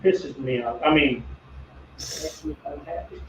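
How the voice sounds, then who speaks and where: A man's voice: on the high side, steady tone, unhurried. A middle-aged man hosting a woodworking video, chatting casually and telling rambling, self-deprecating stories while he works. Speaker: woodworking channel host. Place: home workshop. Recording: distant, echoey, dull workshop audio with faint hum.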